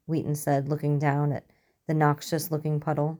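Low-voiced woman reading a story. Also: little pitch movement, moderate pace, dark tone. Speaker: narrator. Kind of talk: storytelling narration.

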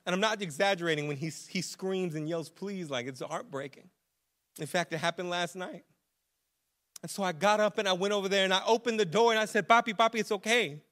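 A young adult man preaching a sermon as pastor, animated and casual, with slang. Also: high-pitched, a little fast.

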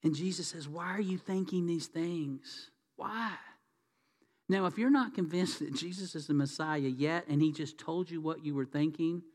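Pastor, male, high voice, lively storyteller, big reverberant church hall. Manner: animated storytelling, acting out voices. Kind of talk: sermon.

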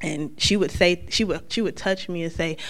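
A woman from North Carolina, sharing a personal testimony as a lively storyteller who acts out the lines of the people in her story. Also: on the low side, normal speed.

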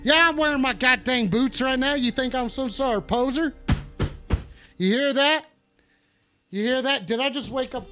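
Very high-voiced man doing a foul-mouthed cowboy. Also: moderate pace, long pauses, sharp tone, faint music behind. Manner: playing a swearing, touchy cowboy persona with a put-on drawl; rambling, profane, reacts to chat. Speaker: call-in show host on a live stream. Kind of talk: in-character comedic live-stream banter.

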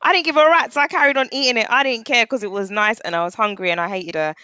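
A woman's voice: on the high side, fast talker, pushed and bright, clear, resonant tone, no room sound, lo-fi sound. A woman chatting casually as a podcast co-host, blunt and playfully defensive. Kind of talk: casual chat.

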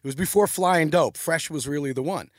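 A man's voice: fairly high pitch, fairly quick, dry recording, studio quality. A middle-aged man, telling rambling, profane stories as a podcast guest. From New York. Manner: animated, profane, rambling storytelling. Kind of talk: casual storytelling chat.

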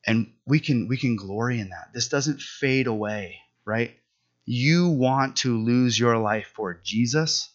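A man's voice: medium pitch, a bit bright. A man in his thirties, a pastor, giving a sermon in an earnest, conversational storytelling way. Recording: dull lo-fi sound.

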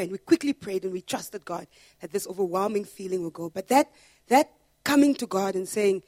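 A woman pastor preaching a sermon in an earnest way, building to loud, emphatic repetitions. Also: medium pitch, expressive, normal speed, dry recording, studio quality.

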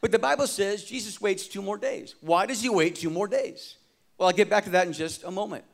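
A male pastor with a high voice delivers a sermon. He moves from loud, emphatic lines to quiet, hushed ones and calls out to the congregation for responses. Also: fairly quick, creaky. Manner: dramatic preaching, swinging from loud emphasis to hushed tones.

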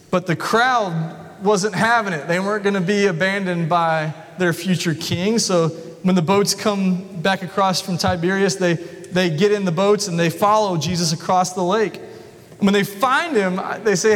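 A male pastor preaching a sermon in a church, telling the story in an animated way. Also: sits high, unhurried. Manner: storytelling, animated, acts out voices. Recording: long reverb of a large hall.

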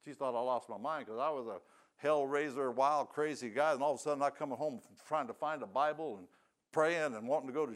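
An older man giving a sermon testimony, telling his story in a folksy, plain-spoken way. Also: medium pitch. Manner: folksy storytelling with rural grammar.

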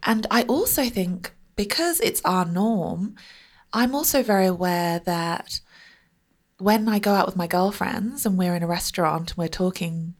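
A woman hosting a podcast, chatting thoughtfully and agreeing with her guest in a relaxed conversational interview. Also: lowish voice, a little slow. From grew up in a village with black families, grandma from abroad. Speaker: podcast host.

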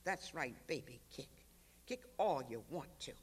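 A worn, defiant pregnant rural wife pleads and prays in bursts , as the reader puts her on. The voice sits high. This is a live reading of a novel. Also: expressive, fairly quick, fairly bright tone, in a large hall. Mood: tearful prayer.

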